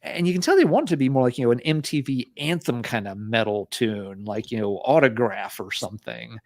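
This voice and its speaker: A man's voice: mid-range voice, expressive, brisk, darkish tone, no room sound, clean studio sound. A man co-hosting a podcast, chatting casually and rambling with stammers, swears and jokey asides. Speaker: podcast co-host. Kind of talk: casual podcast chat about metal.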